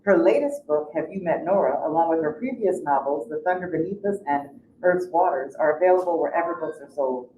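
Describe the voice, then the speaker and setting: A woman moderator in a bookstore reading a guest's bio aloud and adding quick asides. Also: deep voice, mellow, slight background noise. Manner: reads bios, ad-libs asides. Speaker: event moderator. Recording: distant voice in an echoey bookstore.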